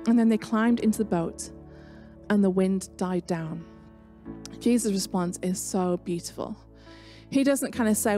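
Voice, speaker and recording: A woman's voice: fairly high pitch, unhurried, warm tone, faint music behind. A woman with an English accent preaching an online sermon in a chatty, conversational way, mixing personal stories with scripture. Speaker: pastor.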